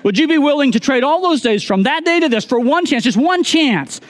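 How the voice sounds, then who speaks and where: A man's voice: extremely high pitch, animated, a little fast, voice pushed up. A man voicing a rousing warrior chief giving a declamatory battle speech to his men.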